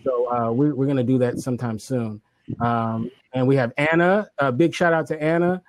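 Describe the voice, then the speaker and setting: A man's voice: medium pitch, moderate pace, no echo. A man hosting a casual livestream chat, laid-back and slangy, laughing often. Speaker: host.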